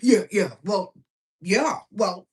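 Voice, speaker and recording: A woman's voice: mid-range voice, slow pace, a little mellow, far from the mic, pitched below the performer's own voice, lightly acted. A woman voicing a petty, jealous hater who stammers out grudging excuses. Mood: sulky.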